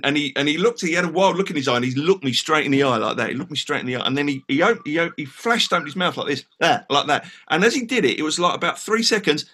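English man, guest storyteller, husky tone, slightly high voice, animated, lots of restarts. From England. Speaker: guest musician. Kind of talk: casual storytelling in a podcast interview.

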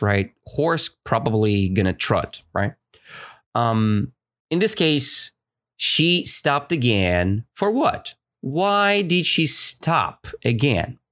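A woman, reading and explaining a story to learners, with a rising voice when she quotes the characters. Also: a bass voice. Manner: slow, lively, rising voice for quoted lines. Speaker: teacher.

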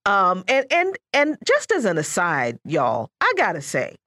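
This woman co-hosts a political talk radio show with an animated, emphatic delivery. Her pitch moves widely and expressively. The recording is dry and close, with no room sound. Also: measured pace, no room sound. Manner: animated, emphatic, laughs mid-sentence.

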